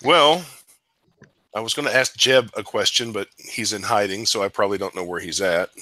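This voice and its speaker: A man's voice: lowish voice, moderate pace, pushed and bright, no echo. A man playing in an online tabletop game, speaking plainly and matter-of-factly. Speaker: player. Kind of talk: casual tabletop game chat.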